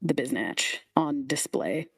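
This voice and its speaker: A woman narrates a tabletop game scene as game master in an amused, descriptive way. She talks slowly, with a dry close sound and faint music in the background. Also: low voice, expressive, gravelly, breathy edge, no echo.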